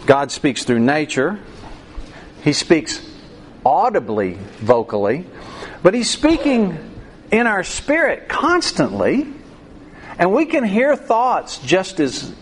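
A man's voice: a little high, slight background noise. A man preaching a sermon, acting out quoted voices with animation.

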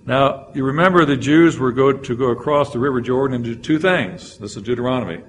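A man's voice: mid-range voice, brisk, hardly any pauses, a little hiss or hum. Man teaching a Bible lesson. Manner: explanatory, reads scripture aloud with frequent "uh" fillers. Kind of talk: classroom Bible lecture.

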